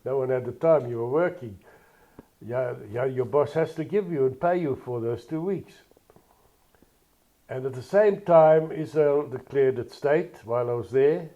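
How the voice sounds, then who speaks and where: A man's voice: medium pitch, warm tone, highs cut off. An older man from South Africa telling his life story in an oral history interview, plainspoken and digressive.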